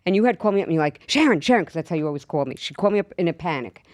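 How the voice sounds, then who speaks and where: A woman in her sixties co-hosting a podcast, a lively storyteller who acts out both sides of conversations. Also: low voice, very fast, no echo, studio quality. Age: 60s. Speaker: podcast co-host. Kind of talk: casual chat.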